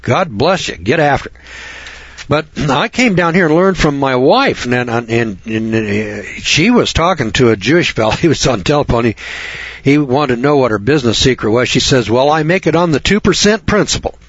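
Middle-aged guy on talk radio, husky voice, rambling and sarcastic, dull dry lo-fi sound. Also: mid-range voice, expressive, moderate pace, dry recording. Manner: folksy, sarcastic, rambling with repetitions. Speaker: radio talk show host. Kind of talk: folksy radio commentary.

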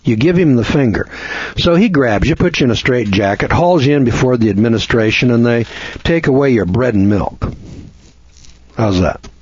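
A man's voice: mid-range voice, expressive, normal speed, a little mellow, husky, no room sound. A man giving a rambling lecture in a blunt, scornful manner, often restarting his sentences. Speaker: seminar lecturer. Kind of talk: folksy lecture. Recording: dull lo-fi recording.

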